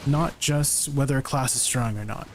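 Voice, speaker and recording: A man's voice: mid-range voice, normal speed, a little hiss or hum. Chatty male game streamer. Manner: chatty, answers chat questions, tags sentences with "right?". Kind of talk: casual livestream chat while gaming.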